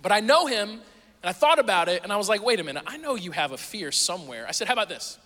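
A man in his thirties delivers a sermon with a high, bright voice, easing from casual family stories into earnest teaching. His words carry a long reverb from the church hall he speaks in. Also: fast talker. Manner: storytelling, conversational with animated quoting. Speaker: pastor. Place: church auditorium.

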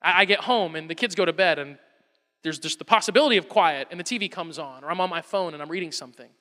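A man in his thirties preaches with a high, bright voice that carries through a reverberant hall. He drives his points home with repetition and stumbles over restarts as he builds emphasis. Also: quick pace. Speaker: pastor. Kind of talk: sermon.

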